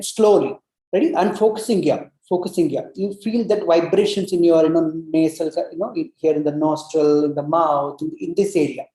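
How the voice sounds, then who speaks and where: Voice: mid-range voice, dark tone. A breathwork instructor, leading a guided breathing lesson, coaxing the group with repeated cues and many "you know" fillers, and demonstrating long humming sounds. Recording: roomy echo.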